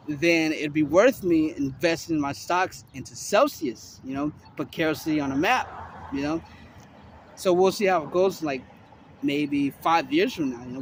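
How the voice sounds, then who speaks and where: A man's voice: on the high side, slight background noise. Rambling, cursing man in his forties. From Miami, Florida. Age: 40s. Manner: loose, profane, heavy filler talk. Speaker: vlogger. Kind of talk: rambling casual monologue to camera. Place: outdoors on a city street.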